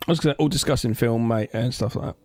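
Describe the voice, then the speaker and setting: A man's voice: medium pitch, fast talker, darkish tone, no room sound. A man co-hosting a podcast, joking and swearing in casual chat. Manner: joking, swears, laughs along. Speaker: podcast co-host.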